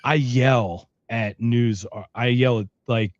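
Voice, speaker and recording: A man hosting a podcast, chatting casually in an animated way, often laughing and swearing offhandedly. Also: medium pitch, slow, dry recording. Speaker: podcast host. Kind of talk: casual chat. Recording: dull lo-fi remote audio.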